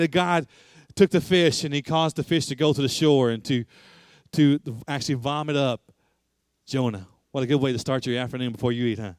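A man's voice: mid-range voice, brisk, dry recording. A man preaching a sermon, emphatic and repetitive, asking rhetorical questions.

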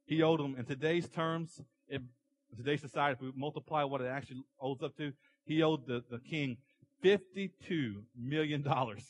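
A man preaching a sermon to his church, animated as he tells stories and acts out characters. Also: a little high, moderate pace, no room sound, rough recording. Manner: animated storytelling, acting out characters in the parable. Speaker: pastor.

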